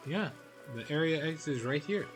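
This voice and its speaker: A man's voice: a little high, animated, a little fast. Brief: male game streamer, easygoing commentary, faint background music. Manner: casual, thinking aloud while playing.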